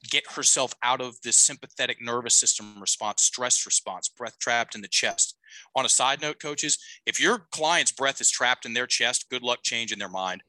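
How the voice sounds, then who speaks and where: Man in his forties, very bright voice, dry close sound, rambling coaching story. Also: medium pitch, no room sound, poor audio. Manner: rambling, self-correcting, frequent "okay?" check-ins. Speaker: life coach guest. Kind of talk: podcast interview storytelling.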